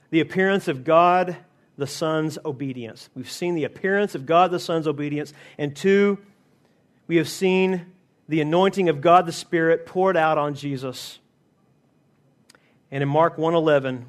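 High-voiced man preaching a sermon. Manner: emphatic preaching, slowing to stress key phrases. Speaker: pastor.

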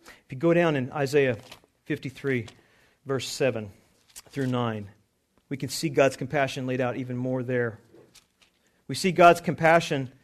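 A pastor preaching a sermon, reading scripture and driving points home, dropping low then rising with emphasis. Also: male voice. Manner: emphatic preaching with swings from quiet to raised.

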